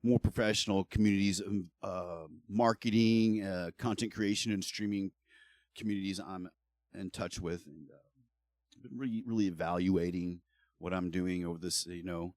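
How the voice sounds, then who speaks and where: A middle-aged man talks straight into his stream, blunt and heavy with swearing as he vents. His voice sits on the low side. The sound is dry and close, with no room echo. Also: steady tone, normal speed, a little mellow. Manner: blunt, heavily profane, heated ranting. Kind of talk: casual livestream talk.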